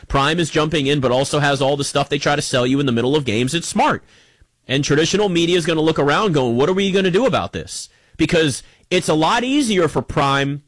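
A man's voice: a little high, no echo. Emphatic man riffing on sports media. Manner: conversational, emphatic, animated, addresses listener directly. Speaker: sports talk show host. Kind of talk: casual opinion monologue.

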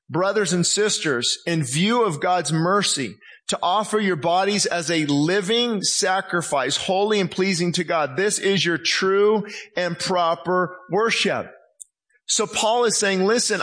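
A man preaching a passionate sermon as pastor in a church, reading scripture slowly and acting out voices. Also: high-pitched, fairly bright tone, slightly rough.

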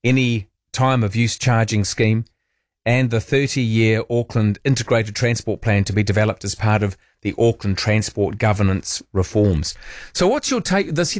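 Male NZ talk radio host, mid-pitched, dry close sound, chatty and musing, leans on tag questions. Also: animated, moderate pace, no room sound. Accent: New Zealand. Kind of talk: casual talk radio monologue.

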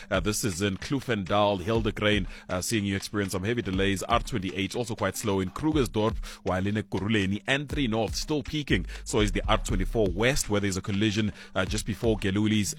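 South african guy doing the traffic on the radio, lowish voice, quick road-by-road rundown, faint music under it. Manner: brisk, reads road by road. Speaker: traffic reporter.

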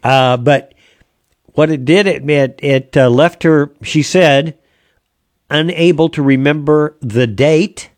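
A man hosting a radio show, chatting casually in a rambling, halting way with many restarts. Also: a little high, no room sound, studio quality. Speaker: radio host.

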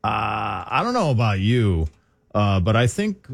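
A man's voice: on the low side, big pitch swings, unhurried, creaky, dry recording. A man hosting a morning radio show, chatting casually with many hesitations and fillers. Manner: hesitant, lots of uh fillers, chuckling.

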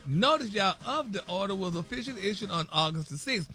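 A man reading celebrity news on a radio morning show, animated and gossipy, sprinkling in "y'all" and "honey". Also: high-pitched, brisk.

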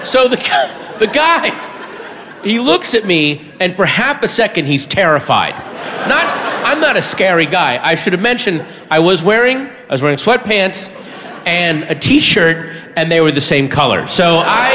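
A man doing a stand-up comedy routine, animated and bursting into high shouted punchlines. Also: a little slow, long reverb tail, crowd noise, background noise.

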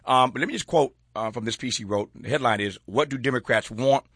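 A man's voice: medium pitch, brisk, fairly bright tone, husky, dry recording, studio quality. Folksy man hosting political talk. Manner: reads aloud then riffs, folksy and chuckling. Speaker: host.

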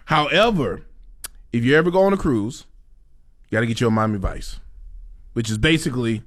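A man's voice: medium pitch, fairly quick, no room sound, clean studio sound. A man co-hosting a podcast, chatting casually with lots of joking and laughter. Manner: animated, laughing, joking banter. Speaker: podcast co-host. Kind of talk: casual chat.

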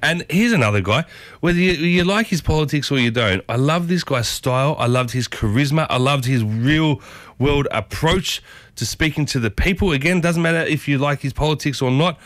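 A man's voice: a little high, lively intonation, moderate pace, a bit bright, dry recording. A man hosting a breakfast radio show, chatty and upbeat, talking straight to his listeners. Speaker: radio host. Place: radio studio.

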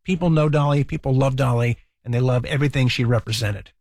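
A man hosting an afternoon radio show, chatting casually and fast with callers and listeners into a studio microphone. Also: mid-range voice, dry recording. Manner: chatty, warm, fast-talking. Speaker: radio host.

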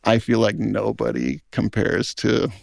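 Gravelly low-voiced male film director. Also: little pitch movement, measured pace, dry recording, studio quality. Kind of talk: reflective interview talk.

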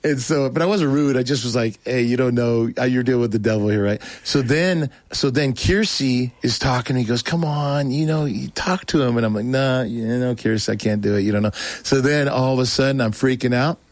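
A male guest telling his own story in loose, casual talk. He keeps restarting his sentences and piling on animated asides. His voice sits in a middle register, and the recording is dry with no room sound. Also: medium pitch, brisk, hardly any pauses, no room sound. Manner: rambling, animated, with many restarts.

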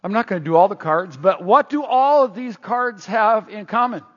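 A man preaching a sermon, telling stories in a lively, conversational way and prompting the congregation to call out answers. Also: sits high, normal speed, long reverb tail, highs cut off. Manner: animated, conversational storytelling with audience prompts. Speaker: pastor.

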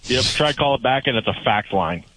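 A man's voice: mid-range voice, lively intonation, brisk, a bit bright, no echo. A man calling in to a radio show, chatting in a wry, matter-of-fact way. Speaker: caller. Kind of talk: casual phone chat. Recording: dull phone-quality audio.

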